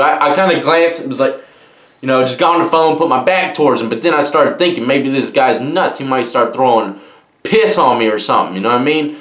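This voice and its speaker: A man's voice: on the high side, fairly bright tone. A young man telling prison stories in a rambling, slangy, conversational way, full of "man" and "you know". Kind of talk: casual storytelling monologue. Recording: echoey room.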